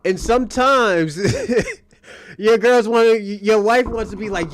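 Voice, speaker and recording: A man's voice: high voice, lively intonation, slow, no room sound. A man hosting a live stream, telling crude stories in casual talk and laughing often.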